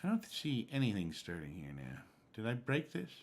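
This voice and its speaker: A man's voice: lowish voice, wildly swooping pitch, moderate pace. A man streaming a game, chatting casually and rambling from one topic to the next. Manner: rambling, conversational. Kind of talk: casual live-stream chat.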